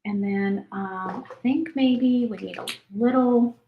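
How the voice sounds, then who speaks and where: A woman's voice: fairly high pitch, slow, reverberant, phone-quality sound, a little hiss or hum. A woman, hosting a crafting livestream and chatting casually as she paints. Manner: chatty, thinks aloud while painting. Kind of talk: casual live crafting chat.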